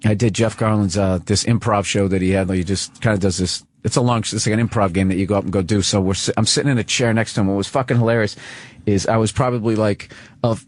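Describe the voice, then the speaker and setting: A man's voice: fairly low pitch, steady tone, quick pace, no echo. A man with a Boston accent in his forties, a comedian guest telling rambling, profane, self-mocking stories on a radio talk show.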